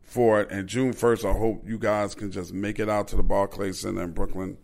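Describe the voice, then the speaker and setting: A man, hosting a podcast and telling animated, profane anecdotes in a casual way. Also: fairly low pitch, moderate pace, creaky. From Queens, New York. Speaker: podcast host. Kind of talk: casual storytelling.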